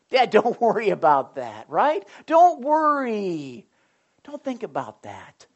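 A middle-aged man preaching a sermon in a lively, chatty way, slipping into quick acted asides. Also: sits high, muffled recording. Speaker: pastor.

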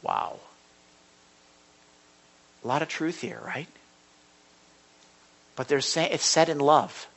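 A man preaching a sermon as pastor of a church, animated, swinging between quiet asides and loud, forceful delivery, speaking into a stage microphone in a church sanctuary. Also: fairly high pitch, takes it slowly, pauses often.

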